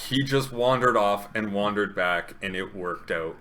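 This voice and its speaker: A man's voice: lowish voice, unhurried, bright, forceful tone. A man who plays in a tabletop game, chatting casually, laughing often and hesitating with fillers. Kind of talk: casual podcast chat.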